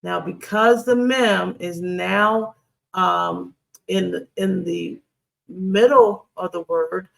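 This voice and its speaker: A Hebrew grammar instructor teaching a screen-share lesson, deliberate and repeating key phrases with frequent ums. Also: medium pitch, fairly even intonation, creaky, fairly bright tone.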